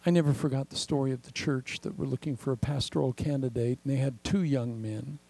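An older man preaching a sermon as pastor, animated and acting out the voices he quotes. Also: mid-range voice, fairly quick, creaky, husky, poor audio.

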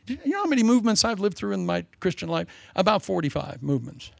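An older man preaching a sermon in a folksy, humorous way, swinging between loud emphasis and soft asides. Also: sits high, expressive, racing, creaky, few pauses, no echo.

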